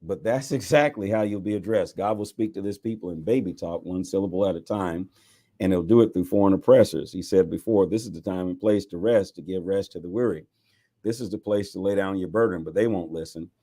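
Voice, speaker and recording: Deep-voiced man reading scripture aloud. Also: a little fast. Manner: expressive reading with exclamations and chuckles. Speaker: bishop.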